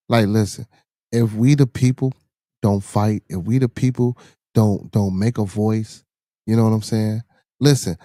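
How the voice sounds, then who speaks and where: A man's voice: lowish voice, mellow, dry recording, studio quality. Profane, rambling Chicago man. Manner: loose, profane, repeats himself, many restarts. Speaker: podcast host reading viewer comments. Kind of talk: casual livestream chat.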